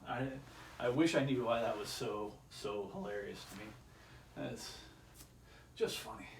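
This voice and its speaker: A man's voice: lowish voice, measured pace, recorded from a distance. A man doing a home workout, rambling casually and counting reps under his breath, a little strained from the exercise. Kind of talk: casual self-filmed workout commentary. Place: indoor room with chairs. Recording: echoey room, voice from off-mic, faint ambient noise.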